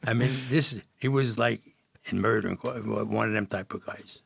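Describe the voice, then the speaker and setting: A man's voice: fairly low pitch, moderate pace, gravelly, slightly rough, no echo. An older man from Jersey City, a podcast guest, telling rambling old neighborhood stories with many restarts and laughs. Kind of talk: storytelling in casual chat.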